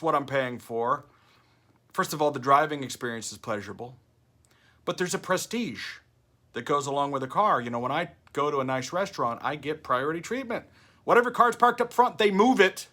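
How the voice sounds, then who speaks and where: Older man, casual vlog talk, bright voice, animated storyteller. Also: a little high. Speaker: vlogger host. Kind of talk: casual talking-head vlog.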